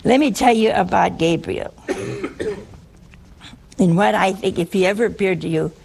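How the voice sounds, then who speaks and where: A woman's voice: medium pitch, measured pace, gravelly, darkish tone, husky. A woman preaching a humorous sermon in a wry, teasing way, often putting questions to her listeners.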